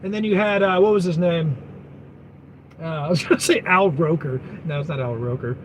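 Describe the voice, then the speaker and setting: A high-pitched man vlogging as a trucker chats loosely with his viewers. He meanders, loses his point and circles back with "but anyway". A faint hum of vehicle noise sits under his voice. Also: moderate pace, low-quality recording. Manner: meandering, loses his thread, heavy fillers and self-corrections. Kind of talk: rambling casual live chat.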